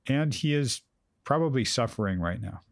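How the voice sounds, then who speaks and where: A man counsels with direct, probing questions and emphatic restatements. His voice is dry and close, with no room sound. He pushes gently but firmly. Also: mid-range voice, expressive, moderate pace, creaky, no room sound. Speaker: host, counselor. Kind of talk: therapeutic conversation.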